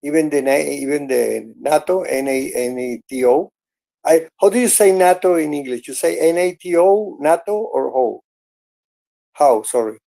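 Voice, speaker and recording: Earnest gravelly man. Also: medium pitch, mellow. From Venezuela. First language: Spanish. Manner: earnest, halting, with many restarts and "I mean". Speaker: host. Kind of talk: casual chat in an online audio room.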